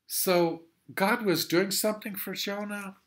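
A man's voice: high voice, steady tone, measured pace. A man teaching a Sunday school Bible lesson in an earnest, explanatory way, repeating points for emphasis.

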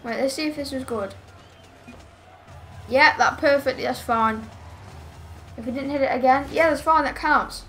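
A woman's voice: high voice, moderate pace, pauses often, a bit bright, faint music behind. A woman streaming a game live, chatting with teammates and getting exasperated with one player. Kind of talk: live gameplay commentary.

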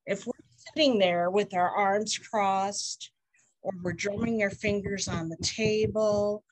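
A woman's voice: medium pitch, fairly even intonation, slow, no room sound, rough recording. A woman leading a conference workshop on support groups, talking earnestly and asking the group questions. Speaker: workshop facilitator.

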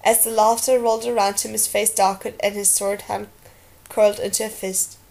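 A woman reading a novel aloud as narrator, with an expressive storytelling delivery. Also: medium pitch, normal speed, gravelly. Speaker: audiobook reader.

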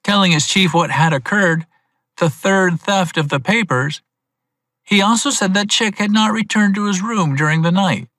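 A man narrating a storybook audiobook for English learners, clear and steady. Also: sits high, moderate pace, no echo.

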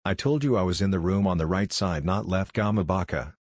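Cocky teen ninja boy, mocking , read by a deep-voiced man. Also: fairly quick, dry recording, clean studio sound. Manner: yelling, mocking.

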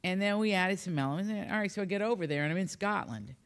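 A woman's voice: medium pitch, fast talker. Chatty woman author telling funny stories. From Appalachia, US. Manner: chatty, humorous, rambling anecdotes. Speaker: author guest. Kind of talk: storytelling in conversation.

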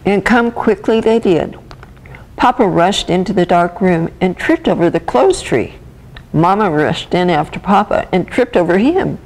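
A woman's voice: fairly low pitch, a little slow, low-quality recording. Woman reading a children's picture book aloud. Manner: gentle, expressive storytelling. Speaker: volunteer reader.

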